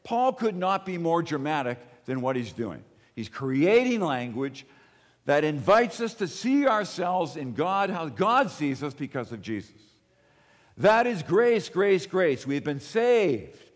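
Expressive preacher man, slow. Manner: expressive preaching, swells up on key phrases and drops low for personal asides. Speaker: pastor. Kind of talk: sermon. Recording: long hall reverb.

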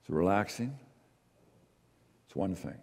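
A man preaching a sermon as pastor, moving between quiet asides and emphatic, slowed readings of scripture. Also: sits low, lively intonation, big-room sound.

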